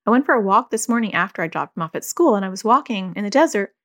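Speaking quickly with lively intonation, this woman has a medium-pitched, slightly bright voice. As a parent and podcast host, she reflects casually and candidly on parenting, peppering her loose talk with "like."

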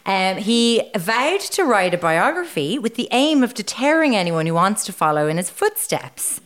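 A woman's voice: mid-range voice, very animated, normal speed, a bit bright. Irish woman telling a story on a live podcast, keeps giggling, sarcastic little asides. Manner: giggly, reads quotes aloud with sarcastic asides. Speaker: podcast co-host. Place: live show stage.

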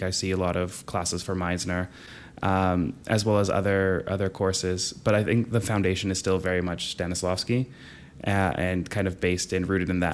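A young man from Canada who teaches drama, talking casually in an interview, relaxed and chatty with frequent laughs. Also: deep voice, slight background noise. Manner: relaxed and chatty, laughs often, acts out quoted voices.

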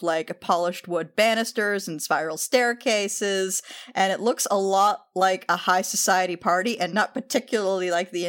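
A woman running a tabletop game as game master, painting each scene in loose, easygoing description. She pauses often on fillers as she goes. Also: mid-range voice.

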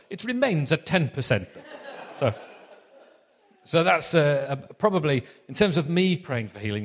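Guy 30s preaching, chatty and self-mocking, lots of ums, long echo from a big hall. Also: medium pitch. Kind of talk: sermon with anecdotes.

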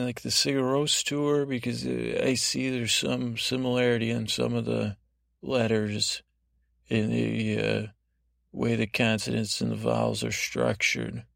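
Gravelly deadpan man telling a rambling story. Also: mid-range voice, no echo, clean studio sound. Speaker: podcast host. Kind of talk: improvised bedtime story narration.

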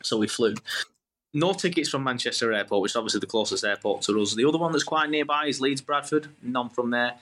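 Bloke in his thirties, podcast guest, animated rambling storyteller, mid-pitched, keeps cutting himself off. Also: fast. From England. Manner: animated, rambling, self-interrupting. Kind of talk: casual storytelling chat.

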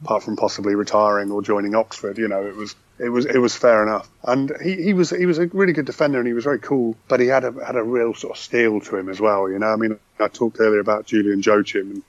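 A man's voice: lowish voice, steady tone, fast talker, hardly any pauses, no room sound. Man chatting football on a dull line. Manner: enthusiastic, rambling with restarts. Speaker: podcast guest. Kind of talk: casual football chat.

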